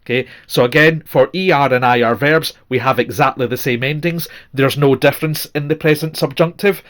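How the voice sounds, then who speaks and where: A man's voice: mid-range voice, a little fast, a bit bright. A man teaching a recorded grammar lesson, patiently repeating forms and checking in with "okay?". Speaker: language teacher.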